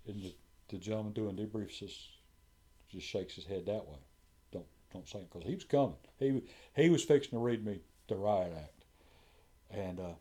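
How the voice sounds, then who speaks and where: A man's voice: lowish voice, warm tone. Man telling a firehouse story. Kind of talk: casual storytelling conversation.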